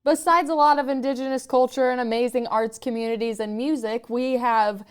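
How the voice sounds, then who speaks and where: A woman's voice: on the high side, steady tone, a little fast, smooth. A woman from Kansas hosting a podcast, chatting casually and filling her speech with "like". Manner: chatty, peppers speech with 'like'. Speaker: podcast host. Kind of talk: casual chat. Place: podcast studio.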